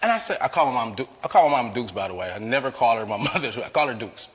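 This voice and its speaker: Lively, bright-voiced man telling his story. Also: mid-range voice, quick pace, in a large hall. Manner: lively, laughs often, calls himself a talker. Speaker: guest sharing testimony. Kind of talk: animated personal storytelling.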